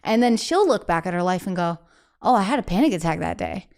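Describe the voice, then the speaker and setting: Woman, singer, interview guest, smooth clear voice, casual and animated, acts out quotes, lots of "like". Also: on the low side, fast. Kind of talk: candid casual interview chat.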